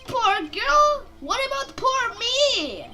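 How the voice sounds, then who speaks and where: A woman's voice: very high voice, very animated, slow pace, music in the background, pitched above the performer's own voice, exaggerated voice. A woman voicing an earnest young male defense lawyer in a game, indignant and casual.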